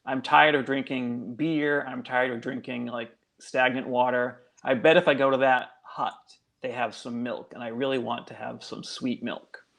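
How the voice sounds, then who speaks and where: A man's voice: mid-range voice, fairly even intonation, normal speed, vocal fry, few pauses, a bit bright. A man voicing a weary old sea captain under a witch's spell, in a plain retelling voice. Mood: matter-of-fact.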